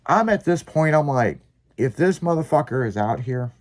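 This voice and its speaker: A man hosting a podcast, telling a long story in casual, profanity-laced chat with lively, rambling delivery. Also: a little high, moderate pace. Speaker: podcast host.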